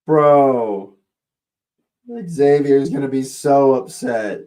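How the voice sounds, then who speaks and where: A man hosting a live fan watch-along, calling the match as it happens and shouting at the big moments. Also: medium pitch, very slow.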